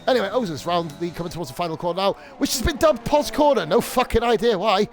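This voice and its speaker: A man's voice: high-pitched, expressive, fast talker, soft background music. Sweary, rambling male race commentator. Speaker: sim racing league commentator. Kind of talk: live stream commentary.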